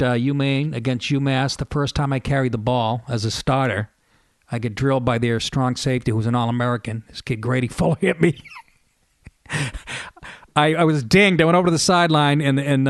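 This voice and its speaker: Fifty-something New radio host, profane storyteller, dry close mic. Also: male voice, medium pitch, dry recording. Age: 50s. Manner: profane, storytelling, laughs mid-sentence. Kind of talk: casual monologue.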